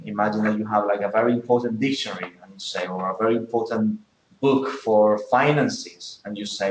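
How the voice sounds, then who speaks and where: A man's voice: lowish voice, brisk, roomy sound, a little hiss or hum, low-quality recording. A man teaching English in a classroom, explaining things step by step and checking in with many okays. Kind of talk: classroom lesson.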